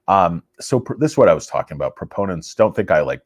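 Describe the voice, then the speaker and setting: A man hosting a stock investing channel, giving casual, rambling market commentary in an excitable, self-mocking way. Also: sits low, quick pace, few pauses, breathy edge, dry recording, clean studio sound.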